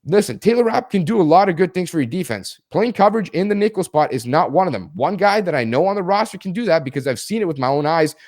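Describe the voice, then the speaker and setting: A man's voice: high-pitched, animated, fast talker, few pauses, darkish tone, dry recording, studio quality. A man hosting a sports podcast, giving an emphatic, frustrated breakdown of a game backed by stats. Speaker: podcast host. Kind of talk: sports analysis podcast chat.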